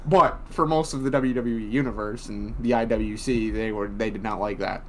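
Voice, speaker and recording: A man's voice: fairly low pitch, steady tone, normal speed. Brief: young male co-host, blunt and profane, rambling casual recap, faint background hum. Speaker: podcast co-host. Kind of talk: casual wrestling recap chat.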